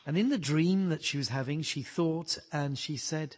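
A man preaching with a husky, breathy edge to a voice pitched high for a man. He tells stories earnestly and presses hard on his key words as he builds to fervent points. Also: moderate pace, hardly any pauses. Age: adult. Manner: earnest storytelling, rising to fervent emphasis. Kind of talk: sermon.

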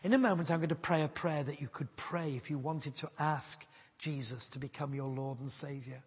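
Earnest preacher in a reverberant hall. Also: male voice, a little high, normal speed, breathy edge. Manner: earnest, pleading. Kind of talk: sermon with personal story.

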